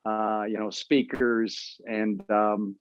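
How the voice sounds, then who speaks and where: A man in his fifties, an author, telling his story in an interview in an earnest, halting way with many restarts. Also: fairly low pitch, little pitch movement, smooth, muffled recording.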